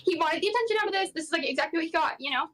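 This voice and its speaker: A woman's voice: very high voice, very fast, a bit bright, low-quality recording. A woman streamer in a voice call who sounds dismissive and exasperated and says "like" constantly. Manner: dismissive, exasperated, leans heavily on "like". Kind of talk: casual argumentative chat.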